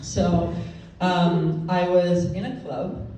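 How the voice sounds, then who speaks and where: A woman's voice: on the low side, little pitch movement, slow. A woman performing a stand-up comedy set, playful and laughing between punchlines. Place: live comedy venue. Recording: echoey room, distant mic, loud noise.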